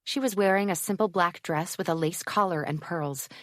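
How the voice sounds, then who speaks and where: A woman narrating a romance audiobook in a measured, even reading on a close mic. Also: lowish voice, no room sound. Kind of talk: scripted narration.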